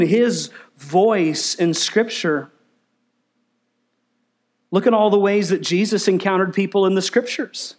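A man preaching a sermon, asking the congregation questions and driving his points with emphasis. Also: sits high. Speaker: pastor.

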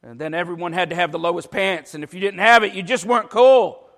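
Man, pastor, high voice, sermon, jokey asides then forceful, long church reverb. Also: steady tone, fast. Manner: joking asides that build to forceful preaching.

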